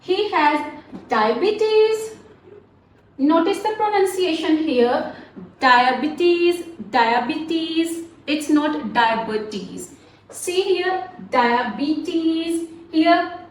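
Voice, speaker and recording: A woman English teacher takes her grammar lesson slowly and patiently, saying words over for her students to copy. Her voice sits high, and the room gives it an echo with a light hiss underneath. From Pakistan. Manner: slow, patient, repeats words for pronunciation practice. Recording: roomy echo, faint background noise.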